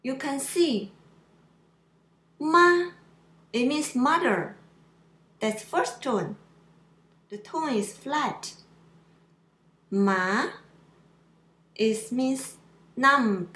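A woman teaching pronunciation in a slow lesson, drawing out syllables and explaining them simply. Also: high-pitched, expressive, fairly bright tone, roomy sound. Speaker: Mandarin teacher.

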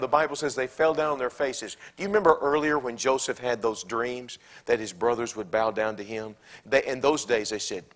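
A Southern American pastor preaching a sermon in a church, swinging from loud, emphatic lines to hushed, near-whispered quotes. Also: male voice, medium pitch. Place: church sanctuary.

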